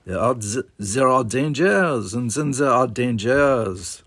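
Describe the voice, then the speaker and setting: A man's voice: mid-range voice, moderate pace, no room sound, studio quality, natural voice. A man voicing a moody young friend. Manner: moody, slightly plaintive.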